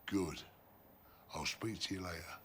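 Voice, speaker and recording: An actor playing a gruff male crime boss who talks bluntly and curses. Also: deep voice, unhurried, a bit bright, a little hiss or hum. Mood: curt. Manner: gruff, swearing, drawn out.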